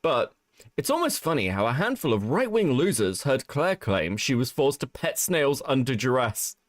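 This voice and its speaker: A man's voice: mid-range voice, normal speed, no room sound, clean studio sound. A man hosting a casual livestream, reading out donations and mocking posts with lots of swearing and laughter. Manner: animated, profane, reads out donations. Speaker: livestream host.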